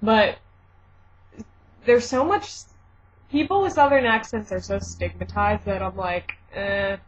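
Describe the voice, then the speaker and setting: Young woman, mixed Midwestern and South Jersey accent, slow and slightly breathy, rambling vlog chat on dull home-video audio. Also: mid-range voice, very animated. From Southwest Michigan. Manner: chatty, rambling, many fillers and self-corrections. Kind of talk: casual vlog, reading a word list.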